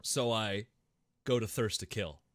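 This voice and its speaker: In a laid-back podcast chat about gaming, a young male co-host spins a story full of curse words, imitating voices and the sound of gunfire. He speaks in a lowish voice without hurrying, captured dry and at studio quality.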